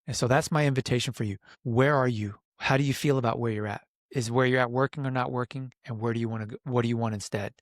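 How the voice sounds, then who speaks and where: A man's voice: medium pitch, fairly even intonation, quick pace, hardly any pauses, dry recording, studio quality. A men's coach, a man, talking earnestly in a casual podcast conversation, telling stories with emphasis and getting emotional.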